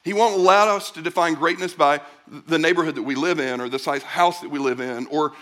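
A middle-aged man delivering a conversational sermon with a slightly high-pitched voice. He keeps it chatty and animated, slipping into quick acted-out voices to make his points. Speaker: pastor.

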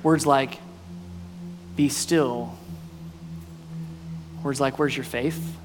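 A male pastor preaching a sermon, mostly earnest and quiet, breaking now and then into loud, playful bursts. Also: mid-range voice, fairly even intonation, drawn-out words. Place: church sanctuary. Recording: long reverb in a hall, faint music.

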